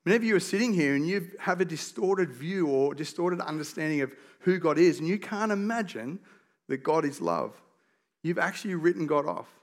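Australian man preaching with lively humour. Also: on the high side, moderate pace. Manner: lively storytelling, self-deprecating humour. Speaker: pastor. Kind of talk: conversational sermon.

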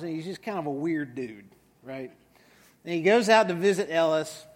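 A man preaching a sermon as pastor, in a conversational storytelling manner with some fillers. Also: fairly high pitch. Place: large church hall. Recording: reverberant hall.

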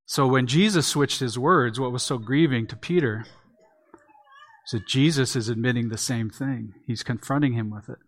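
A man's voice: medium pitch, normal speed. A man preaching an earnest expository sermon, leaning on emphatic repeats. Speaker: pastor.

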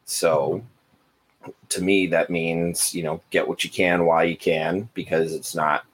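A man co-hosting a casual podcast, relaxed and laughing easily as he talks things through. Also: low-pitched, unhurried, slightly rough. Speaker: podcast co-host, snake seller. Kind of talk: casual chat.

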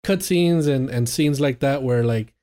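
A man with a mellow, dark-toned voice talks games as a podcast co-host. He is casual and enthusiastic, with loose phrasing and plenty of fillers. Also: mid-range voice, a little slow. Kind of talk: casual chat.

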